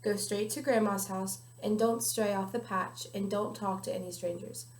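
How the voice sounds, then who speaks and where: A young woman reading a storybook aloud, voicing a caring mother who warns gently. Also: medium pitch, fairly even intonation, normal speed, roomy sound, natural voice. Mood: cautioning. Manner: gentle, cautioning. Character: caring mother warning her daughter.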